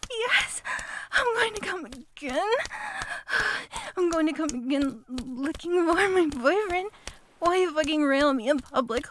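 A woman performing an adult audio role-play, breathy and pleading, with moaning between her lines. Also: extremely high pitch, a bit bright, slight background noise.

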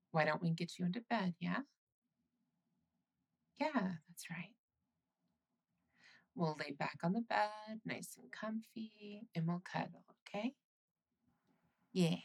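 Woman doing a young girlfriend, whispered role-play, husky, unhurried, soothing, reassuring. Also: fairly low pitch, exaggerated voice. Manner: soothing, reassuring, laughs softly. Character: caring, teasing young girlfriend.

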